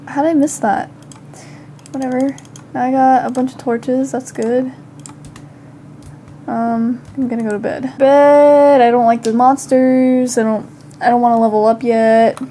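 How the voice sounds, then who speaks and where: Unhurried and given to long pauses, a young woman speaks in a high-pitched, warm voice with fairly even intonation over slight background noise. She hosts a gaming channel and is slightly sick, coughing occasionally while she chats to herself during casual play and bursts out in panic.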